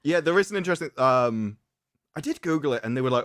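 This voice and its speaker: A man's voice: a little high, expressive, fast talker, a bit bright, dry recording. A man co-hosting a casual chat, wry and telling stories with dry jokes. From Britain.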